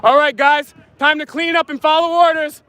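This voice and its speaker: A man filming on his phone outdoors, loudly heckling and taunting officials with repeated insults. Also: very high voice, fairly even intonation, moderate pace, slight background noise. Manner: mocking, repetitive insults. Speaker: YouTube auditor filming officials. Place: outdoors at a public event. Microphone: handheld phone camera.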